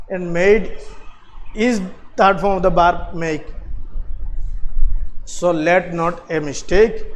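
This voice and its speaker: A man with a Bangladeshi English accent teaching a grammar lesson, slowly repeating phrases, spelling words out and laughing softly. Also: high-pitched, slight background noise, rough recording. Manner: slow, repetitive explaining with soft laughs.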